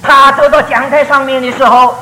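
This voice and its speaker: A man preaching a sermon in short storytelling phrases, pausing for an interpreter. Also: extremely high pitch, level tone, bright, forceful tone. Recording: roomy hall reverb with faint noise.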